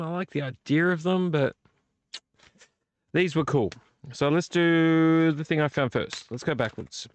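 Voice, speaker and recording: A man's voice: a little high, lively intonation, normal speed, vocal fry, no echo. A man hosting his own live vlog, ranting with repeated rhetorical questions about collecting. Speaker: vlog host. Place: home room.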